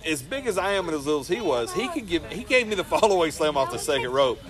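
A man hosting a casual talk around a campfire, telling animated stories, swearing freely and laughing as he goes. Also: a little high, fast talker, a crowd in the background. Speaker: podcast host and wrestler. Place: outdoors around a fire.

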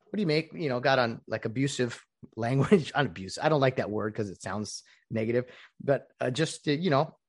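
A man's voice: medium pitch, lively intonation, moderate pace. A man hosting a casual solo podcast. He is opinionated and rambling, with mocking asides. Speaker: podcast host.

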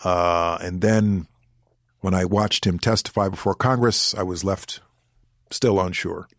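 Man, deep voice, dry close sound; deliberate, careful interview answers. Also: steady tone, no echo. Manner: deliberate, weighs words, pauses to choose phrasing. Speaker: former government official, interview guest.

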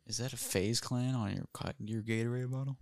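A man chiming in with quick jokes and questions during a casual podcast chat. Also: mid-range voice, fairly even intonation, vocal fry, darkish tone, no room sound. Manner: quick joking interjections.

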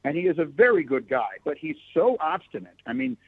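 A man's voice: on the high side, sing-song, a little fast, breathy edge, no room sound. Man talking sports over a tinny line. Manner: thoughtful, frequent restarts. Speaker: sports podcast host. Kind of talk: casual sports talk. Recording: tinny phone-like sound.

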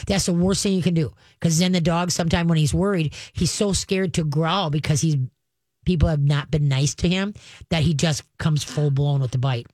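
A woman's voice: sits low, fairly even intonation, moderate pace, a little mellow, no echo. A woman hosting a call-in pet advice radio show, chatty and folksy, coaching callers on dog behavior. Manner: chatty, folksy, acts out coaxing voices to the dog.

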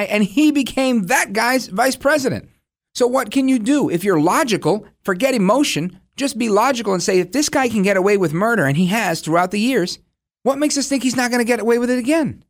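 Sarcastic, high-voiced male commentator. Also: lively intonation, a little fast. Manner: combative and sarcastic. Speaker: political talk show host. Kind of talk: opinionated political commentary.

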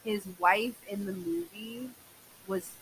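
Chatty bright-voiced woman. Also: medium pitch, slow, rough recording. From New England. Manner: laughs often, chatty. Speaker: podcast co-host. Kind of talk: casual chat. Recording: faint hiss.

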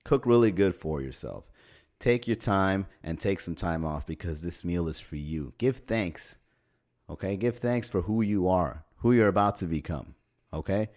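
A man's voice: deep voice, lively intonation, moderate pace, a little mellow. A man hosting a podcast, talking in a wry, sarcastic comic monologue and laughing at his own jokes. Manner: swears casually. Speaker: podcast host. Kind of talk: casual comedic podcast monologue.

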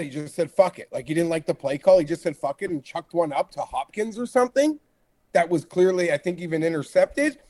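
A man's voice: sits high, darkish tone, no room sound. A man co-hosting a sports betting podcast, rambling through his take in a chatty way. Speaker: podcast co-host. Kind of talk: casual sports betting chat.

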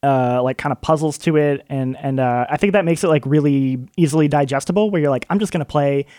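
A man's voice: fairly high pitch, fairly quick, warm tone, no echo, clean studio sound. Man chatting about a game. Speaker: podcast panelist. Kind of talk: casual chat.

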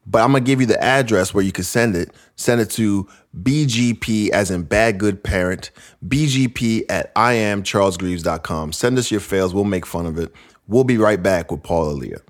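A man hosting a casual comedy podcast who reads listener letters aloud, reacts with plenty of laughter, and keeps up an animated, joking delivery. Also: on the low side, moderate pace. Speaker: podcast host.

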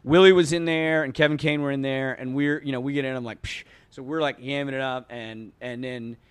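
Animated storytelling man, dry sound. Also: medium pitch, fairly quick, clean tone, no echo. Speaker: podcast guest. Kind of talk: casual storytelling.

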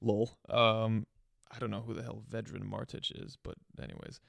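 A man co-hosting a sports podcast in casual chat, relaxed and teasing, often starting his lines with "um". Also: lowish voice, moderate pace, gravelly, no echo, clean studio sound. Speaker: podcast co-host.

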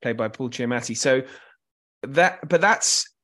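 A man's voice: mid-range voice, animated, a little slow, pushed and bright. A man co-hosting a film club discussion, talking casually and restarting his sentences often. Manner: rambling with many restarts.

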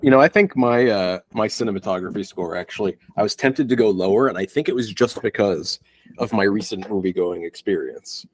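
Young guy podcast cohost, kinda low voice, rambly, restarts a lot, swears now and then. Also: a little fast, slightly rough. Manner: rambling, self-interrupting, profane asides. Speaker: podcast co-host. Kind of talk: casual film review chat.

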